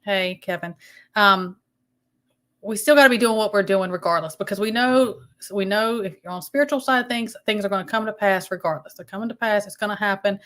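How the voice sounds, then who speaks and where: This is a woman talking casually on her own livestream. She rambles a little, stops and restarts her thoughts, and greets viewers one by one as they come into the chat. Her voice sits at an ordinary middle pitch for a woman. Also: a little fast, fairly bright tone. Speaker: livestream host.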